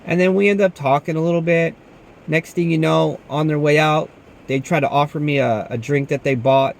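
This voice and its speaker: A man's voice: on the high side, steady tone, normal speed, creaky. Laid-back man who keeps saying "man". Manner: laid-back, says "man" often, tells stories with quoted dialogue. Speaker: security guard. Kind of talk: casual talk to camera.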